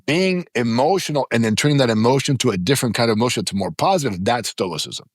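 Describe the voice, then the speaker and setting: Guest voice: man in his fifties, lively pitch, dry close studio sound, emphatic storyteller. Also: fast talker, dry recording. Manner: emphatic, dramatizes stories with quoted voices. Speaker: podcast guest. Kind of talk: animated storytelling in conversation. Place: podcast studio.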